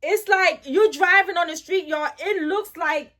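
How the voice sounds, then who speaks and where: High-voiced woman telling a story. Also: unhurried, few pauses. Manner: animated, talks straight to viewers with frequent asides; excitable with many restarts. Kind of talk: casual story time.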